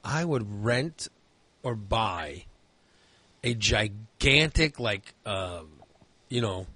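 A man's voice: on the low side, animated, extremely slow, pushed and bright, breathy edge, dry recording. A man chatting casually, telling a long rambling story full of fillers and restarts. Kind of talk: casual chat.

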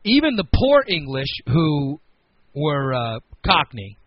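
Radio host, American man, lively pitch, breathy edge, casual teasing banter. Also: takes it slowly, no room sound, dull audio. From United States. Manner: teasing, animated, rambling.

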